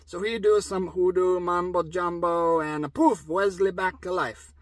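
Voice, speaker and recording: A high-voiced man tells a story in a rambling comic persona with broken English. His delivery is playful and loose. The sound is dry and close. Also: fairly even intonation, measured pace, no room sound.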